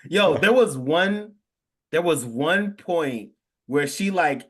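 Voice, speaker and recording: A man co-hosting a podcast, reacting to a show in animated casual chat, laughing often and addressing the group. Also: fairly high pitch, slow pace. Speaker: podcast co-host.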